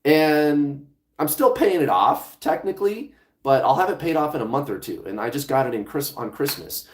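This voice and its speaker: Expressive and fairly high-pitched, a man talks at normal speed in a relaxed vlog, coaching on the law of attraction. He restarts phrases, swears occasionally, and his voice bounces around an echoey room.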